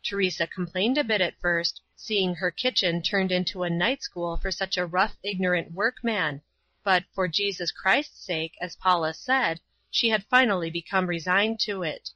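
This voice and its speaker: A woman narrating a story in a measured, even storytelling voice. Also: lowish voice, no echo. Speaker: audiobook narrator. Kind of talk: scripted narration. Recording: dull lo-fi recording.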